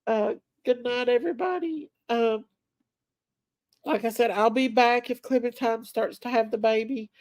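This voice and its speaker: A middle-aged woman, hosting a live stream. Her voice sits a bit high and sounds dry and close, and she speaks with emotion and affection, treating her viewers like friends. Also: a little slow, darkish tone, no echo. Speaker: livestream host. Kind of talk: casual live stream chat.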